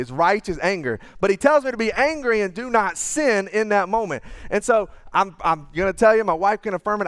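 A man preaches with a conversational, earnest warmth, at times falling into hushed asides. His voice sits high for a man and comes across smooth and clear. The sound is close and dry, with little room around it. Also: no room sound. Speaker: pastor. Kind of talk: sermon.

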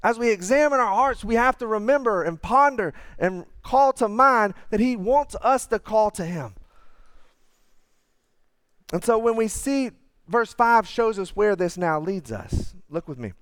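A man preaches with a conversational, earnest warmth, at times falling into hushed asides. His voice sits high for a man and comes across smooth and clear. The sound is close and dry, with little room around it. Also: lively intonation, measured pace, no room sound. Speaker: pastor. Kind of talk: sermon.

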